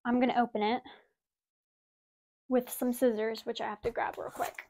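A young woman with a bright, high voice chats through a casual home unboxing. She gushes with excitement, sounds a little out of breath, and leans on "like" and "oh my gosh" as she talks into a wireless mic. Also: normal speed, gravelly, a little hiss or hum. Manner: gushing, excitable, many "like" and "oh my gosh". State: slightly out of breath. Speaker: vlogger.

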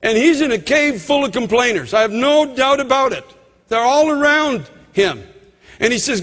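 A man's voice: extremely high pitch, animated, normal speed, fairly bright tone. A man preaching a sermon as a pastor, reading and explaining scripture, rising sharply in emphasis when he quotes verses. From Canada. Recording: reverberant hall.

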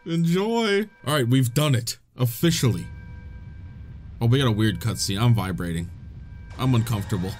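A man giving excitable, jokey commentary while playing a video game, laughing often. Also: mid-range voice, moderate pace, faint music behind. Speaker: gaming video host. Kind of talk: let's play commentary.

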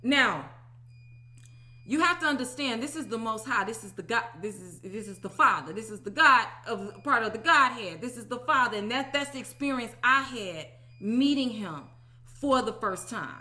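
A woman in her thirties giving an animated, emphatic personal testimony, often asking "okay?". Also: fairly high pitch, normal speed. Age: 30s. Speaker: religious teacher.

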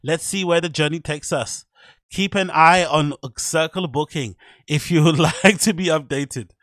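A man's voice: a little high, unhurried, fairly bright tone, no room sound, studio quality, voice pushed up. A man voicing a German male DJ, reading a formal announcement in a put-on German accent. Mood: earnest formal.

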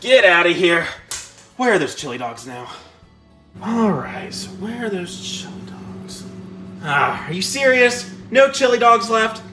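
A young hedgehog hero, played by a man with a lively, bouncing voice and an unhurried way of talking. He mutters nervously to himself as things grow strange in a fan plush cartoon. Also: high voice, soft background music, exaggerated voice. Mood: annoyed. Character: cocky young hedgehog hero, hungry and jumpy. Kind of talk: fan plush video voice acting.

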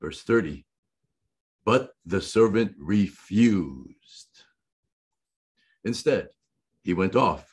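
Slow, husky male preacher. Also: deep voice, lively intonation. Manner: slow, deliberate reading with emphatic repetition. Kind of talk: sermon reading and explaining scripture.

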